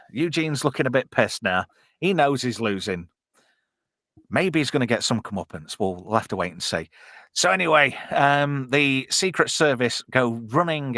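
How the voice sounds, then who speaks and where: Male host, jokey and rambling, animated delivery, dry close mic. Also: medium pitch, normal speed, no room sound. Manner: chatty, jokey, filler-heavy, reads chat aloud. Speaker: podcast host watching a film with chat. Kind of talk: casual live watch-along chat.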